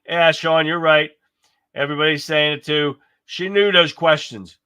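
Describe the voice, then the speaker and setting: A man's voice: on the high side, steady tone, moderate pace, pushed and bright, smooth, no echo. A man hosting a live stream, reacting with heated, profane rants and talking to his chat viewers. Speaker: livestream host.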